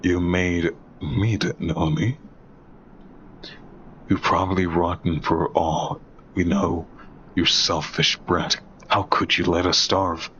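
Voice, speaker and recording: A man voicing a vengeful female spider mother who speaks in a slow, partly whispered, seething way. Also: low-pitched, fairly even intonation, pushed and bright, muffled recording, a little hiss or hum, exaggerated voice. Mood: accusing.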